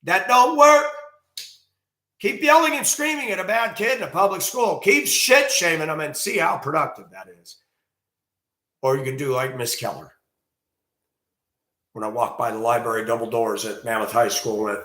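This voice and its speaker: A man ranting crudely in a monologue, breaking into loud outbursts and mocking voices. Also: on the high side, lively intonation, normal speed, long pauses, roomy sound. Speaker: host.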